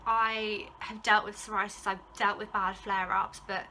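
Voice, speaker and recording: A young Englishwoman vlogs casually to camera, rambling through a personal ordeal with lots of fillers and "like," growing emotional at moments. Her mid-pitched voice is level, sharp-toned and a little slow, with slight background noise.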